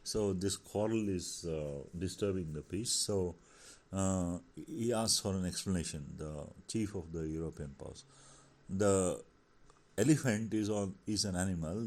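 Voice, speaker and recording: A man teaching a short story, reading lines aloud and then explaining them in his own words, with frequent pauses and restarts. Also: sits low, a little mellow. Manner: reads quotes aloud, then paraphrases with many fillers and restarts.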